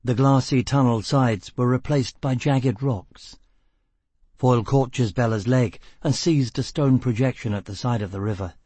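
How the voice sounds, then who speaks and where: A man narrating an audiobook in a steady, dramatic storytelling manner. His voice is slightly husky and sits at a middle pitch, recorded close and dry. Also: moderate pace, dry recording. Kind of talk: scripted narration.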